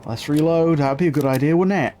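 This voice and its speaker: A man's voice: on the high side, fast talker, mellow, slight background noise. A man giving chatty live gameplay commentary as a streamer, swearing casually and talking to his chat.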